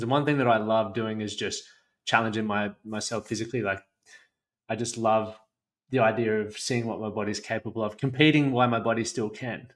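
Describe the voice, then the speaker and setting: A man's voice: on the low side, a bit bright. A young man hosting a podcast, talking in a reflective, earnest, casual way. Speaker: podcast host. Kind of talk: conversational interview.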